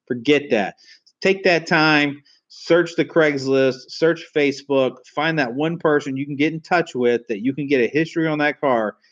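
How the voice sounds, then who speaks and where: A man's voice: fairly high pitch, normal speed, lo-fi sound. A man hosting a live stream about the car business, talking in a blunt, folksy, casual way with some cursing.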